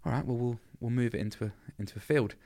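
A man, a festival founder and firefighter, telling animated, self-mocking stories with frequent laughs as a podcast guest. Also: medium pitch, quick pace, vocal fry. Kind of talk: casual storytelling interview.

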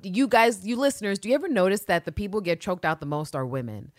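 A woman co-hosting a podcast, recapping a TV episode in casual, animated, profane chat. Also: mid-range voice, quick pace, no echo, studio quality. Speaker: podcast co-host.

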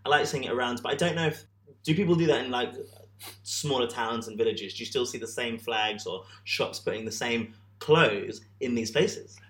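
A man's voice: medium pitch, moderate pace, a bit bright, roomy sound. A man asking teasing, playful questions in a casual podcast chat.

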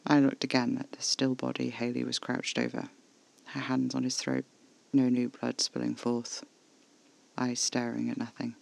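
A man reading scripted first-person horror narration in a measured, level way, close to the mic. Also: mid-range voice, monotone, creaky, poor audio.

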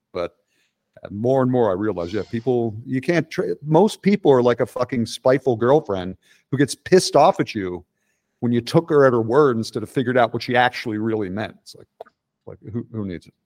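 A man's voice: mid-range voice, expressive, normal speed, a little mellow. A middle-aged man guesting on a podcast, talking bluntly and profanely in a casual chat, with frequent restarts.

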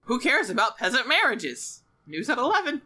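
A young adult woman with a high, bright, lively voice tossing off quippy one-liners about a film. She sounds sharp and tense in tone. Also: moderate pace. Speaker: podcast co-host. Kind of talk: casual film recap chat.

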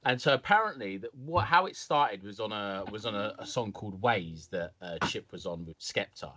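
A man's voice: lowish voice, expressive, moderate pace, pushed and bright. A young man telling a story casually on a podcast, now and then putting on voices. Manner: laid-back storytelling, slips into mock voices. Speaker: podcast co-host.

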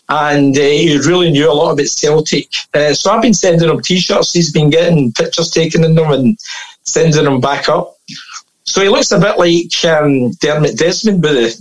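A man's voice: on the high side, rough recording. A man telling anecdotes as a podcast guest in a casual, chatty way, laughing often and full of fillers and restarts.

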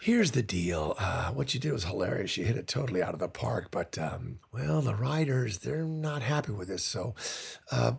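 A man doing a hushed low-voiced TV director. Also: animated, moderate pace, gravelly, slightly rough, exaggerated voice. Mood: apologetic. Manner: low, hushed, soothing and apologetic. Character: weary male TV director breaking bad news.

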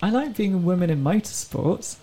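A woman's voice: lowish voice, lively intonation, a little fast, warm tone, husky, low-quality recording. A woman, a racing driver talking as an interview guest in an earnest, reflective way. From England. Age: 30s. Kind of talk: casual interview chat.

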